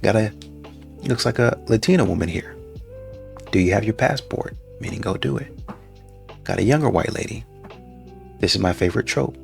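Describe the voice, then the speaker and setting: A man with a low, gravelly voice picks apart a clip in a dating commentary. He talks in mocking rhetorical questions, and soft music plays faintly underneath. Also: animated, brisk, pauses often. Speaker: reaction commentator.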